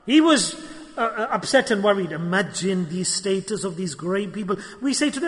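Man with a really high voice telling a story sermon, lively, long reverb in a big hall. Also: moderate pace. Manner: animated, acts out dialogue, sprinkles in Arabic religious terms. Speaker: preacher. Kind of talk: storytelling sermon at a religious gathering. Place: gathering hall.

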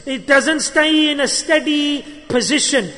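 Man with a really high voice telling a story sermon, lively, long reverb in a big hall. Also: unhurried. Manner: animated, acts out dialogue, sprinkles in Arabic religious terms. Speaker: preacher. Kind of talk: storytelling sermon at a religious gathering. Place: gathering hall.

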